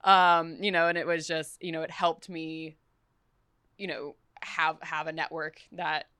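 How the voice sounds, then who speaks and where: Southern woman host, low-ish and bright, reflective, laughs a lot. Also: little pitch movement, a little slow, clear, resonant tone, dry recording, clean studio sound. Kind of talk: casual conversation.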